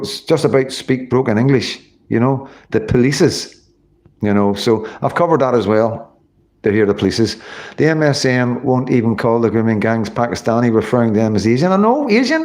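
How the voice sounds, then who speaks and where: A middle-aged man with a Northern Irish accent speaks in a mid-range, darkish voice. Swearing often and packing his speech with fillers, he rambles through viewer comments on an easygoing livestream.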